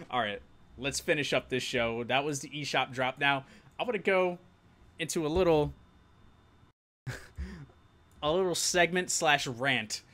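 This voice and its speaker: A man's voice: a little high, measured pace, long pauses, pushed and bright. A young man from New York with a New York accent, hosting a live-stream show and chatting casually with viewers, laughing often.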